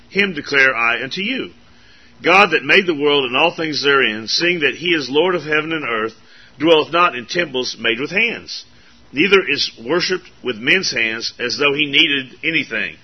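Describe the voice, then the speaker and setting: A man reads scripture aloud at a church service, steady and measured. His voice is husky and slightly breathy. The recording is dull and lo-fi. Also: medium pitch. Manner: measured King James reading.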